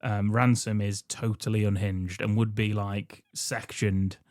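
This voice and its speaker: A man's voice: lowish voice, little pitch movement, measured pace, darkish tone, no room sound, studio quality. A man co-hosting a podcast, recapping a film's plot in a wry, crude way and laughing often. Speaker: podcast co-host. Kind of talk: casual chat recapping a film.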